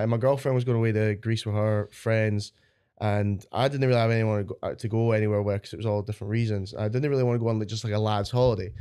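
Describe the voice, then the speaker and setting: Fast-talking young Scottish man. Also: mid-range voice, a little mellow, clean tone. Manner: chatty, rambling storyteller, swears freely. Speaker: guest powerlifter. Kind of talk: casual podcast chat.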